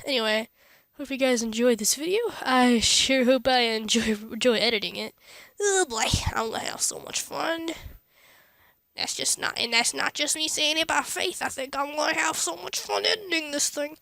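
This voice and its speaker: A woman's voice: high voice, normal speed, vocal fry, sharp tone, no room sound, studio quality. A teenage girl rambling casually in a vlog, goofy and self-mocking, with many stumbling restarts. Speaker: vlogger.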